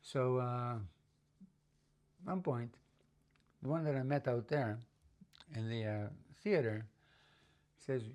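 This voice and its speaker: A middle-aged man casually telling a story from his own life, rambling with fillers and restarts, and sometimes lifting his voice higher and louder to act out the people in it. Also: slow, long pauses. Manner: acts out quoted voices, often higher and louder.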